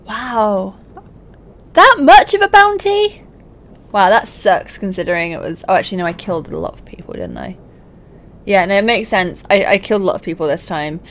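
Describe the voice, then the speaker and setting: A young woman with a lowish, expressive voice hosts a gaming let's-play, speaking at a quick pace over slight background noise. She chats casually as she plays, thinking aloud and often laughing at her own mistakes in this casual game commentary.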